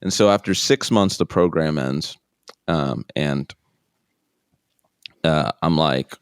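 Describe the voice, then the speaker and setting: A man telling his own story as an interview guest, self-deprecating and animated, acting out the people in it. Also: a bass voice, slow, pauses often, clean tone, no room sound, studio quality. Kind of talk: casual storytelling.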